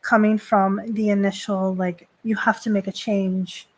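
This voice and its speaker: A woman's voice: mid-range voice, flat delivery, measured pace, poor audio. A woman hosting a live stream as a priestess, speaking in a chatty way with many "like" fillers. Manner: chatty, heavy use of "like" fillers. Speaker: Shinto priestess and host. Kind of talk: casual live-stream talk on religion.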